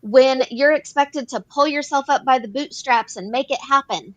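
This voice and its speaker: Her voice sits high and her pace is moderate as she co-hosts an advocacy talk show. She earnestly unpacks policy, repeating phrases while working through each point.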